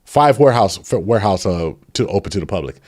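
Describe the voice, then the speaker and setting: A middle-aged man hosting a livestream, ranting heatedly and preachily with many restarts, then talking quietly to his chat. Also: lowish voice, expressive, quick pace. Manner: drops to soft, pleading tone addressing chat. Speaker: channel host. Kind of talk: livestream commentary.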